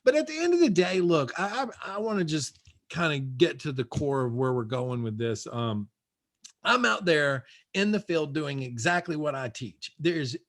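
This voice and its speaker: A man's voice: fairly high pitch, big pitch swings, normal speed, a bit bright. A man speaking from his home over a video call, giving a punchy, repetitive motivational talk as a guest real estate coach. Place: his own house.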